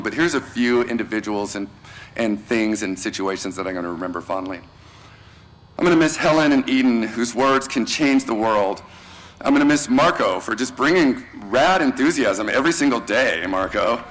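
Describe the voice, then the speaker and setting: A male teacher gives a warm, casual, slangy farewell speech at a graduation, thanking students one by one and calling them by name. His voice is lowish, and the poor audio carries a little hiss or hum.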